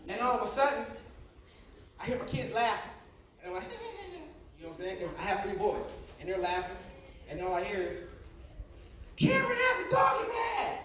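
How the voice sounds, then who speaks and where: A man's voice: high voice, animated, fairly quick. A man in his thirties doing a brash, profane stand-up set on a club stage, telling stories with asides to the crowd. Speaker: stand-up comedian. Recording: echoey club from a distance with noise.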